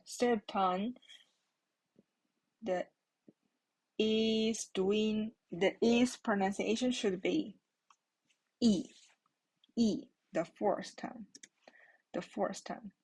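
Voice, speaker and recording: A woman giving a patient Mandarin lesson, repeating each word twice as she explains the tones. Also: medium pitch. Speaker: Mandarin teacher. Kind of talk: slow explanatory language lesson.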